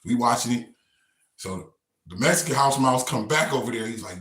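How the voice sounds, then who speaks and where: A man's voice: mid-range voice, animated, moderate pace, fairly bright tone, echoey room. Laid-back man telling a story. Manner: laid-back, slangy, rambling. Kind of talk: casual storytelling.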